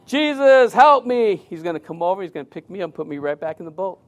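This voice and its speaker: High-voiced man preaching a sermon. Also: very fast. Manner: conversational, animated storytelling with acted quotes. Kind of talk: sermon with personal story.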